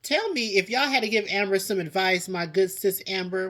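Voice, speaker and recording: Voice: medium pitch, normal speed, fairly bright tone. A video host giving casual commentary on a reality show, exasperated and dramatic, sighing often and repeating lines for emphasis. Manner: exasperated, dramatic, with frequent sighs and exclamations; addresses people directly and repeats lines for emphasis. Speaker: TV show reviewer, channel host.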